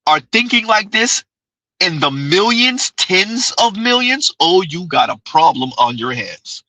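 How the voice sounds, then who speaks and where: A man talks straight to his audience in casual commentary, emphatic and repetitive, hammering his points home. His voice is bright and forceful, recorded close and dry, with no room sound around it. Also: sits high, very animated, measured pace, no room sound, poor audio. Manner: emphatic, conversational, repeats key phrases. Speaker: commentary channel host. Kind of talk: casual commentary reacting to clips.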